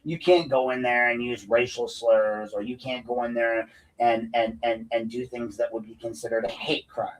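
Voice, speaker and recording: A combative man rants through an unscripted podcast, swearing freely and climbing into loud, heated bursts. His voice sits at an everyday middle pitch. He sounds a little distant from the microphone. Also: steady tone, normal speed. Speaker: podcast host. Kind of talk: unscripted ranting monologue.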